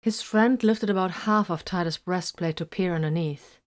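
Low-pitched female narrator for a sci-fi audiobook, measured and even. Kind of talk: scripted narration of fan fiction.

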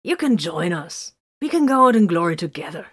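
A woman reading the part of a boisterous young male warrior twin, loud and eager, in a storybook reading. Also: lowish voice, sing-song, brisk, husky, heavily acted.

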